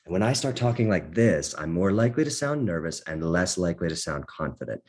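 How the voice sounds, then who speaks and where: A man teaching a sales workshop, walking through call questions and coaching on tone of voice. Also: deep voice. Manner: demonstrates slow calm sales tonality, coaching. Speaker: sales trainer.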